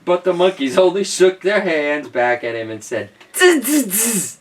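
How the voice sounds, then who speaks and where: A man's voice: a little high, animated, moderate pace. A man reading a children's picture book aloud, with playful, chatty asides to young listeners. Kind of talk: read-aloud storytime with joking asides. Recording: voice a bit distant from the mic.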